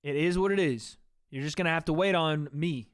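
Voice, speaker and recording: Hosting a livestream, a man gives casual play-by-play of a fight and chats with his viewers, calling them "guys." His voice is fairly high, brisk, and smooth, recorded cleanly in a studio with no echo.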